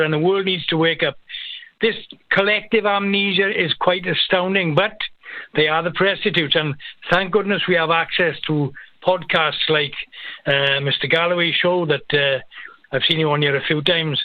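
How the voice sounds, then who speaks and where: A man's voice: a little high, no echo. A British man calling in to a talk show, speaking in an earnest, indignant way with some stammering. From United Kingdom. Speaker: caller. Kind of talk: call-in commentary. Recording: dry tinny phone line.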